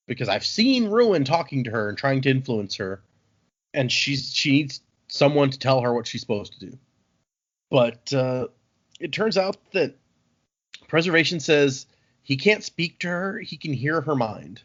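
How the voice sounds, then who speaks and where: A man hosting a podcast, casually recapping a book chapter and acting out the characters' lines in an animated way. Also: medium pitch. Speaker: podcast host. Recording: dull lo-fi audio.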